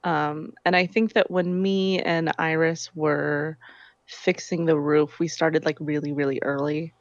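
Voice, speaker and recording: A woman's voice: low-pitched, steady tone, unhurried, no room sound, dull audio. A woman playing a tabletop game in casual chat, talking in a hesitant, apologetic way. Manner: hesitant, apologetic, with light laughs.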